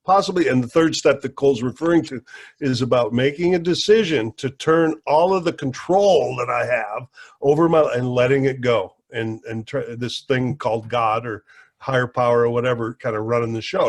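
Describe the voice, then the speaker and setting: A man hosting a recovery podcast, calmly explaining ideas for listeners and affirming his guest. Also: medium pitch, normal speed. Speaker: podcast host, interviewer. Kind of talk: casual interview chat.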